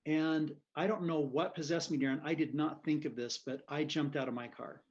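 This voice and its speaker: Man guest, lively storyteller who laughs a lot; muffled lo-fi audio. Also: a little high, moderate pace. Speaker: physician guest. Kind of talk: casual storytelling.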